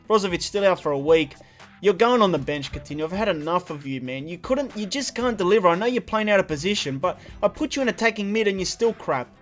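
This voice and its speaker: Frustrated young man playing football game. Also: a little high. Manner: animated, frustrated, swings from muttering to shouting. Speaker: gaming video creator. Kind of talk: live football game commentary.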